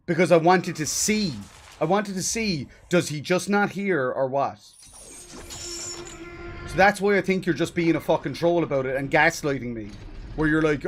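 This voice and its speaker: A man's voice: sits high, big pitch swings, moderate pace, slight background noise. Angry, swearing male game streamer. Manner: exasperated, profane ranting at chat. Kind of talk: live let's play commentary. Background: game music.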